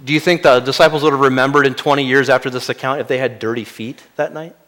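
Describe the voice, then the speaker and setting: A male pastor preaching an expository sermon. He often drops to a quiet, weighty voice for key lines. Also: mid-range voice, fairly even intonation, fast talker.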